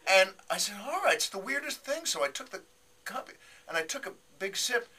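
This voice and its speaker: A male comedian tells a lively story on a radio morning show, slipping into little voices for the people he quotes. His tone is bright and forward, sitting a touch high for a man. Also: a little fast. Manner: animated, acts out quotes with voices. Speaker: comedian guest.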